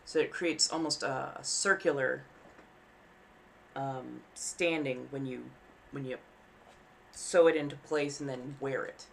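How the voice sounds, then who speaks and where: A woman's voice: extremely low pitch, fairly even intonation, measured pace, creaky, pauses often, slight background noise. Chatty woman rambling while she sews. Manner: rambling, frank, swears casually; laughs easily at herself. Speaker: streamer. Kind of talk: casual live-stream chat while sewing. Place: home apartment.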